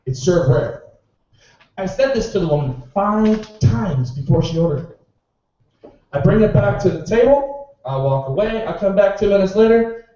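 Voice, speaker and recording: Sarcastic man doing stand-up, far and boomy. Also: dark tone, very echoey. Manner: sarcastic, exasperated storytelling. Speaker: amateur stand-up comedian. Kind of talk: stand-up routine. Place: small club stage. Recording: boomy, distant, muffled club recording.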